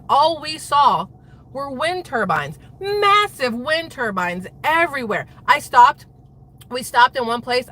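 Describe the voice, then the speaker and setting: A middle-aged woman vlogging casual political commentary, rambling and exasperated, jumping between thoughts as she talks fast. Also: on the high side, bright, forceful tone, slight background noise.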